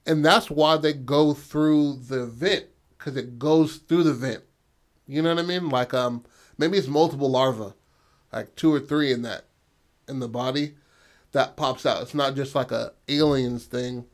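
A young man co-hosting, pitching movie plot ideas in casual, crude chat and often asking his partner for agreement. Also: a little slow. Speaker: co-host brainstorming a story.

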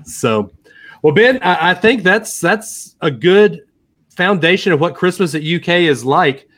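A man's voice: sits high, expressive, measured pace, a bit bright. An American man in his thirties hosting a casual chat, joking and laughing often. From United States. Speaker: podcast host.

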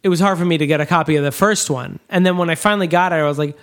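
A man's voice: a little high, rapid-fire, a bit bright. Young man joking in casual podcast chat. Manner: jokey, breaks into mimicked voices. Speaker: podcast co-host.

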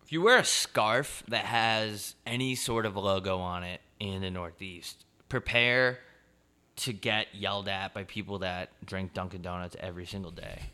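Bright-toned young male co-host, sweary, mocking, prone to loud bursts. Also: deep voice, normal speed, clean tone. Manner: ranting, profane, mocking, swings loud. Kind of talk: casual comedic banter.

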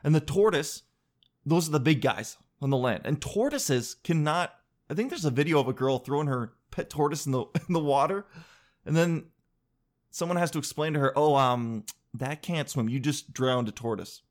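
A man's voice: on the high side, expressive, moderate pace. A man telling comedic stories in a casual, rambling monologue, joking, cutting himself off and swearing freely.

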